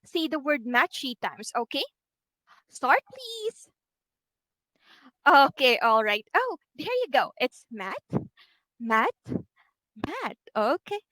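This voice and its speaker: A woman teacher with a Filipino English accent, giving a slow, encouraging online phonics lesson to a child and modelling each sound for her. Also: high voice, sing-song, pushed and bright, no room sound, poor audio.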